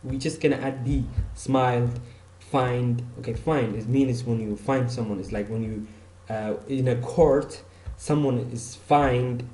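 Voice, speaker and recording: A man's voice: mid-range voice, dark tone, reverberant. A man teaching an online English grammar lesson, repeating example words and saying "okay" often.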